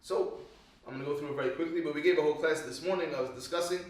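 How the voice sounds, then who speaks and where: A fairly high-voiced man teaches a Torah class to a small live group, spinning animated stories and firing questions at the listeners. He sounds far from the mic in a very echoey room. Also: very fast. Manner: animated storytelling, quizzes the audience.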